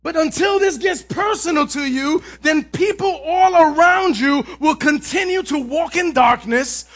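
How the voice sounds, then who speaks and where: A man pastor preaching a sermon to his congregation with high energy, often raising his voice to a shout and asking for an "amen.".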